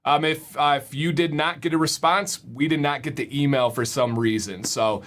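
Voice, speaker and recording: A man's voice: a little high, fairly even intonation, normal speed, fairly bright tone. A young man hosting a casual livestream, upbeat, often repeating words as he reads the chat. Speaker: livestream host.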